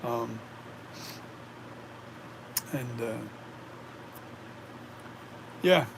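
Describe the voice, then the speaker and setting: A man's voice: mid-range voice, extremely slow, vocal fry, background noise. A man who makes masks, chatting casually on a live stream, rambling as he reads and answers viewer comments. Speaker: mask maker streaming to viewers.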